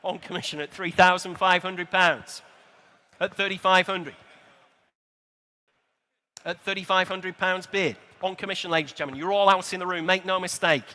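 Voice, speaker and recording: A man calling a live auction, rattling off bids in a brisk, chatty patter with dry little asides. His voice sits high and bright, cutting through. Long reverb trails off the walls of a large exhibition hall. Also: steady tone.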